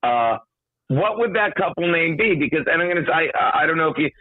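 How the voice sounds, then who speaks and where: A man's voice: a little high, lively intonation, a little fast. Older man laughing over a phone line. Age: 60s. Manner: wry, wordy, laughs a lot. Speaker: comedian guest. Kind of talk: casual chat.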